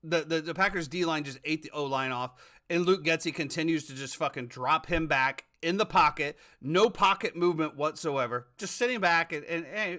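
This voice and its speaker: A man's voice: fairly high pitch, expressive, normal speed, bright, forceful tone. A man hosting a casual sports talk podcast, ranting with plenty of profanity. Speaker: podcast host.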